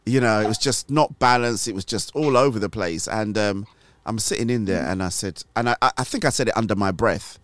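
Host, man, lowish voice, dry close sound, chatty with lots of false starts. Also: brisk, no echo. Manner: rambling, many restarts, laughs easily. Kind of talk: casual faith chat.

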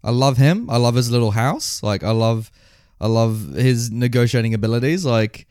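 A man's voice: mid-range voice, moderate pace, darkish tone, clear, resonant tone, no echo, studio quality. A man co-hosting a casual film podcast, blunt and sweary, poking fun at the acting. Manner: blunt, swears, mocks lines in silly voices.

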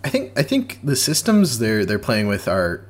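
A man's voice: mid-range voice, wildly swooping pitch, moderate pace. Opinionated male podcast co-host. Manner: opinionated, analytical, repeats words when starting. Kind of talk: casual chat.

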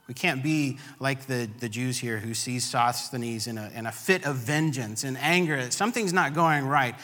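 Male pastor, earnest preacher who builds on repetition; bright, forceful voice in a reverberant hall. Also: mid-range voice, normal speed. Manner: earnest, builds emphasis with repeated phrases. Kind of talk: sermon.

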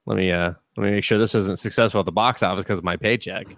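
Deep dry-voiced man wisecracking. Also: fairly even intonation, quick pace, fairly bright tone, no echo. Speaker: podcast co-host. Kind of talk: crude casual podcast banter.

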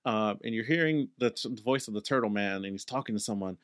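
A man's voice: lowish voice, fast talker, no room sound, studio quality. A man narrating a tabletop role-playing game as game master, loose and rambling.

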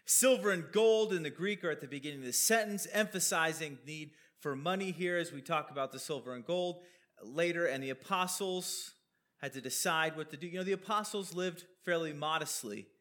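A man's voice: on the high side, brisk, a bit bright. A man preaching a sermon, explaining a Bible passage over slides in a conversational way, with questions and asides.

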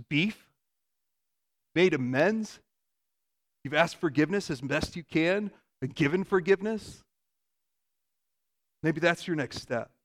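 A man in his thirties, a pastor giving a conversational sermon and telling stories with lively shifts in volume. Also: a little high. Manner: conversational, animated storytelling with quick shifts in loudness.

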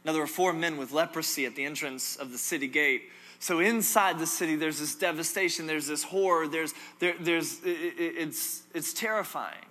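Bright, emphatic male preacher. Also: a little high, normal speed, hardly any pauses. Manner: animated, repetitive, emphatic with humor. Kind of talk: sermon.

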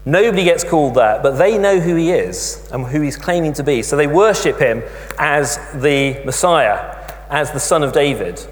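A male preacher tells the story with a lively, swinging delivery, his voice sitting a little high for a man. He breaks in with emphatic asides as he goes. A long hall reverb trails every phrase, over a low mains hum. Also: moderate pace. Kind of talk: sermon.

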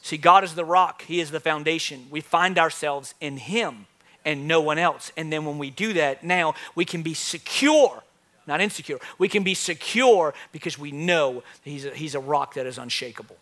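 A male pastor in his thirties preaching a sermon to a church congregation, telling stories with big swings from quiet to loud. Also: on the high side, moderate pace. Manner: animated storytelling, swings from soft to loud. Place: church with live audience.

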